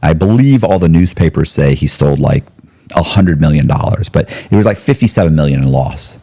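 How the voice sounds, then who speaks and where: A man telling a story as a podcast guest in casual talk, animated, and he jumps up high when he quotes people. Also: fairly quick, breathy edge. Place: podcast studio.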